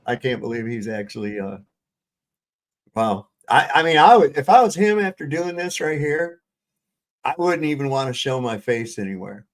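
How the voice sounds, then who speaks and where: A man's voice: medium pitch, very animated, normal speed. A man hosting a casual livestream panel chat, telling stories in a loose, profane way and laughing often. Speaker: livestream host.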